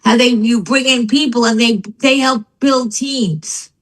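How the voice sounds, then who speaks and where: Older woman guest, spirited storyteller, kinda high voice, does the voices of people she quotes. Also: unhurried, rough recording. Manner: animated storytelling, acts out quotes. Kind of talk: casual chat.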